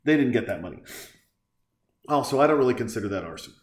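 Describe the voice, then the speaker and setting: A man's voice: medium pitch, expressive, quick pace. Sarcastic, foul-mouthed man ranting. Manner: sarcastic, crude, heated. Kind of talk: profane ranting commentary. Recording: echoey room.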